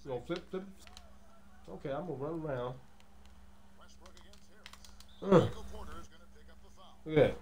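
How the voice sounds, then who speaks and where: Slangy, excitable gaming commentator man. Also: on the high side, measured pace, pauses often, echoey room. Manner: loose, slangy and excitable, with "you dig" and "man" fillers. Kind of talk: casual gameplay commentary.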